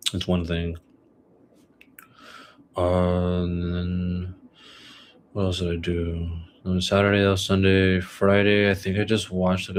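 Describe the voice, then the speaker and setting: A young man talks alone into his podcast mic, rambling about his week and his game picks in a relaxed, halting way full of fillers. His voice sits low and barely moves in pitch. A faint hum of room noise runs underneath. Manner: rambling, filler-heavy, laid-back. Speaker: podcast host. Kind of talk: casual solo podcast chat.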